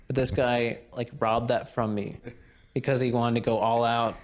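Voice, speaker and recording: A man's voice: mid-range voice, little pitch movement, normal speed, a little hiss or hum. A young man co-hosting a podcast, chatting casually and telling rambling stories with lots of fillers and laughter. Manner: rambling storyteller, many fillers, laughs often. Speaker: podcast co-host. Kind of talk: casual chat.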